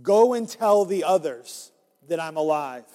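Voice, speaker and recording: A man voicing a calm, gentle male figure speaking softly in a story read to children. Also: fairly high pitch, measured pace, big-room sound, pitched below the performer's own voice. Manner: soft and gentle.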